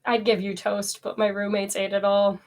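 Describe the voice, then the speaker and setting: A woman playing a tabletop game, speaking slowly with stammers and fond asides. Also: medium pitch, completely flat delivery, darkish tone. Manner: slow, stammering, fond talk to the dogs. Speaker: player.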